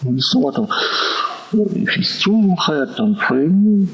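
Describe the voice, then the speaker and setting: A trading instructor walks through a chart lesson, counting moves out loud and checking in with the viewer often. His voice is slightly high, very animated and a bit slow, with a breathy edge. The recording sounds dull and lo-fi.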